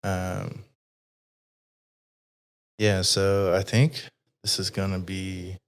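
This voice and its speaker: Speaking very slowly, this podcast host keeps his low voice flat and steady while his clear, resonant tone carries a loose interview conversation. He wanders from thought to thought, using fillers and cursing often.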